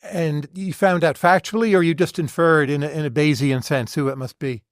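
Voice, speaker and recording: A man's voice: fairly high pitch, steady tone, normal speed, no room sound, studio quality. An American man hosting an interview, asking direct, analytical questions. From United States. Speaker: podcast host, interviewer.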